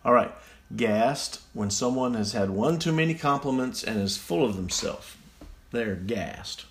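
A man's voice: medium pitch, expressive, a little slow, a little hiss or hum. A man reading out slang definitions and mocking them in a casual, sarcastic way, recorded on a phone. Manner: sarcastic, mocking, easily amused. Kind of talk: casual solo commentary.

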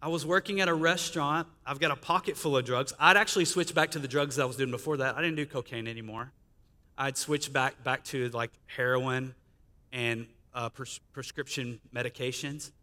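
A bright-voiced man of medium pitch, a guest speaker, gives his testimony in a sermon. He tells it conversationally, quoting dialogue and laughing, and the church hall around him is reverberant.

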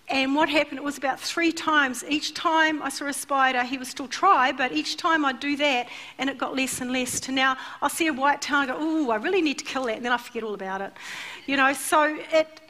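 A woman's voice: high-pitched, a little fast. A middle-aged woman preaching a sermon in church, telling stories animatedly and acting out the voices. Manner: animated storytelling, acts out voices. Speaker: church speaker.

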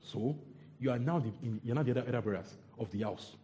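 A man's voice: medium pitch, fast, warm tone. A man preaching a sermon, repeating phrases and quizzing the congregation.

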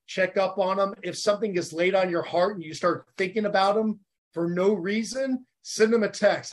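A man in his forties from the United States, a podcast guest talking in an animated, earnest and heartfelt way. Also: sits high, moderate pace. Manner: animated, earnest and heartfelt, talks about faith. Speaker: podcast guest, former Navy SEAL. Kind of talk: casual interview chat.

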